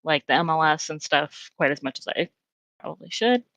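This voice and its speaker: A woman's voice: deep voice, lively intonation, a little fast, fairly bright tone, no echo. A woman guest on a podcast in casual chat, hedging and thoughtful, with many fillers.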